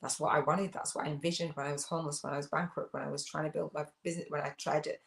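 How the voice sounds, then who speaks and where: A woman's voice: low-pitched, little pitch movement, racing, vocal fry, reverberant. A woman hosting a casual livestream, rambling and reflective as she reads viewer comments, with many fillers and restarts. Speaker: host of a spiritual business channel.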